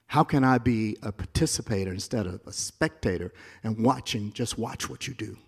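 A man's voice: fairly low pitch, normal speed, vocal fry, slightly rough. Impassioned male pastor in echoey hall. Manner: impassioned preaching that swings between soft asides and loud climaxes. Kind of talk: sermon. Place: church.

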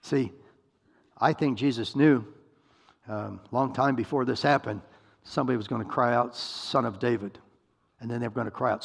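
A man's voice: fairly low pitch, steady tone, normal speed, gravelly, breathy edge. A man preaching a sermon, retelling a story and acting out its voices, often asking his listeners questions. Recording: long hall reverb.

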